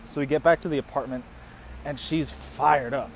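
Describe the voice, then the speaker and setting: A podcast host in his thirties tells a story casually outdoors near a street, swearing a lot and breaking into laughter, with passing traffic audible. His voice is mid-range and his speed normal, and the storytelling is animated and profane.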